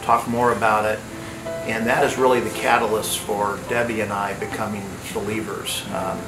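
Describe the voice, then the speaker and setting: A man giving a calm, steady testimony in an interview, with occasional fillers. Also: fairly low pitch, moderate pace. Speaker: interviewee, friend. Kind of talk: measured testimony. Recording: roomy, slightly distant, loud music behind.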